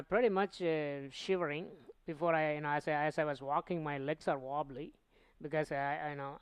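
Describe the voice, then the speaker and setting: A middle-aged man with an Indian accent, hosting a radio interview and talking in a halting, rambling way with lots of fillers. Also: fairly high pitch, smooth, dry recording. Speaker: radio host.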